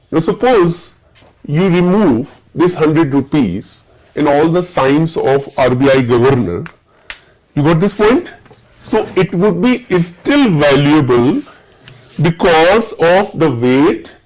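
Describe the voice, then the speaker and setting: A man with an Indian accent lectures a class, his voice pitched a little high. He keeps stopping to check that the students understand. The lecture is recorded in a classroom. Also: darkish tone, rough recording. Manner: checks understanding with repeated questions. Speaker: teacher.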